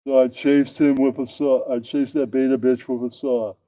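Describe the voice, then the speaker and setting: A man reading his own crude comedy bits aloud and closing jokes with deadpan tags. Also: medium pitch, normal speed, no echo.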